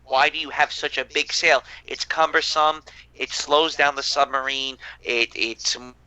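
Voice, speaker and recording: A man's voice: medium pitch, flat delivery, unhurried, pushed and bright, clean tone, rough recording. A man voicing a stern German naval officer who asks incredulous questions.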